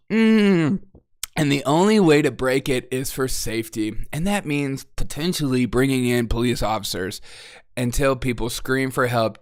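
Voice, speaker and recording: A man's voice: medium pitch, moderate pace. A sarcastic man hosting a comedy news show, riffing in a mocking tone and laughing at his own jokes. The sound is dry and close, with no room echo around his voice.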